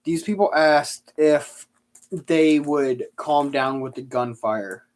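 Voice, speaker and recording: A man's voice: fairly high pitch, slow pace. A man chatting casually on a live stream, answering viewer questions and telling rambling, sarcastic stories.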